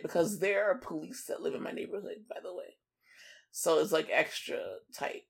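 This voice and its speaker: A woman co-hosting a podcast in casual chat, telling a story in an animated, profane way and acting out the other people in it. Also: on the low side, normal speed, vocal fry, breathy edge. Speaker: podcast co-host.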